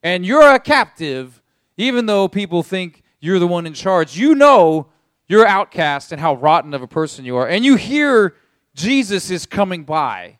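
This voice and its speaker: A man's voice: high-pitched, a little slow, no room sound, clean studio sound. A man preaching a sermon as a pastor, telling the story vividly and speaking straight to his listeners. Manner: animated storytelling in second person.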